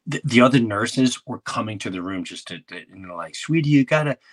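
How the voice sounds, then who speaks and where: A man hosting a podcast who tells a comedic story in an animated, rambling way and acts out the quotes. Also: lowish voice, a little fast. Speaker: podcast host.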